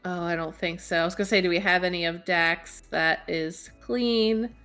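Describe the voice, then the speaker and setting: A woman's voice: lowish voice, steady tone, moderate pace, a bit bright, clean tone, soft background music. A woman co-casting a live esports match, laid-back and dropping dry quips. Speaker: esports co-caster.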